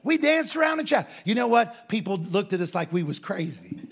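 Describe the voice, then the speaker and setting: Preacher, male, high husky voice; folksy storyteller who breaks into shouted praise. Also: moderate pace. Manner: animated, bursts into loud shouts of praise; folksy, laughs often. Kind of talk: storytelling sermon.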